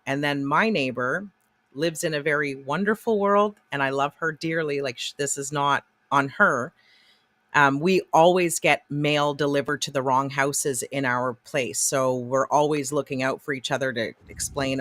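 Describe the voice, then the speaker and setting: A woman from Canada co-hosting a livestream chat, talking in an animated way with plenty of swearing. Her voice is bright, with a dry close sound and no room around it. She acts out the people in her stories. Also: deep voice, moderate pace, no echo. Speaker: co-host.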